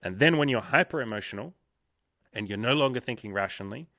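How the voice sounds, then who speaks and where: A man's voice: mid-range voice, expressive, fast talker, sharp tone, no room sound, studio quality. A man talking as a coach in a casual podcast conversation, swearing often and acting out quoted exchanges with emphasis. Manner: profane, emphatic, acts out sales calls in quoted voices. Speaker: dating and life coach.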